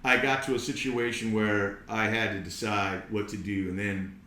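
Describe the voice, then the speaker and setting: A man's voice: on the low side, moderate pace. Man telling a story, roomy echo. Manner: animated, repeats words while telling. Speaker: podcast guest. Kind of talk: casual storytelling.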